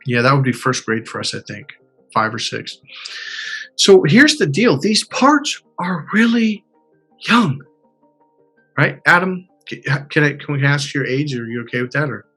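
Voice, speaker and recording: A man coaching a client in an animated way, acting out quotes and swearing casually. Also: on the high side, unhurried, husky, faint music behind. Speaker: life coach. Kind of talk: coaching session.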